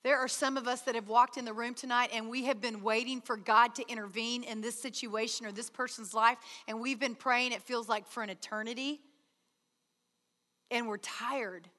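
Woman retreat speaker, high bright voice, earnest sermon, hall reverb. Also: steady tone, moderate pace. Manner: earnest, acts out prayer dialogues with God. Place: large hall.

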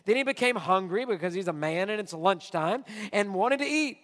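A man with a high voice preaches a sermon in a church hall, his words trailing off into a long reverb. He drives his points emphatically, dropping low and quiet before rising to loud, near-shouted lines. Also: animated, moderate pace. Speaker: pastor.

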